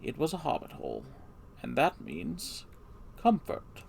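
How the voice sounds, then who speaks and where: A guy doing a wise old wizard narrating a fairy tale, pitched up a bit and louder, slow and grand, voice rising and falling a lot, with a gravelly edge. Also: huge pitch swings, a little hiss or hum, exaggerated voice. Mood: storytelling. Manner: slow, grand storybook delivery.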